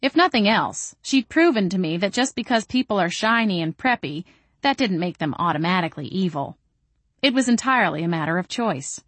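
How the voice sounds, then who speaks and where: A woman's voice: lowish voice, dry recording. A woman narrating a first-person audiobook in a wry, sardonic manner.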